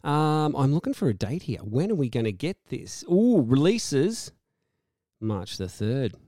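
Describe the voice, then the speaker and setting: A man's voice: mid-range voice, sing-song, measured pace, mellow, no echo, clean studio sound. A man hosting a radio show, chatting casually, laughing often and rambling through anecdotes. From Australia. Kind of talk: casual on-air banter.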